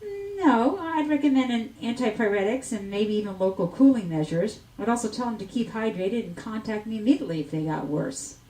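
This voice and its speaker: A woman's voice: on the high side, expressive, a little fast, hardly any pauses, mellow, roomy sound, low-quality recording. A woman playing a doctor in a scripted training dialogue, giving plain, brief answers.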